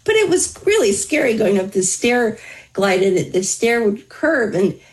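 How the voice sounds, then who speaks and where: A woman's voice: a little high, sing-song, moderate pace, low-quality recording. Candid woman telling her story with humor. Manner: candid, wry humor, talks through hardship plainly. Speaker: interview guest, author. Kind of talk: conversational personal storytelling.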